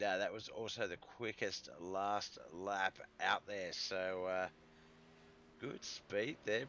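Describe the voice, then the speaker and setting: Deep-voiced Australian man calling a sim race. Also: lo-fi sound, a little hiss or hum. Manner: relaxed, rambling, with frequent fillers and self-corrections. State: voice starting to go. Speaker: sim racing commentator. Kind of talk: live esports race commentary.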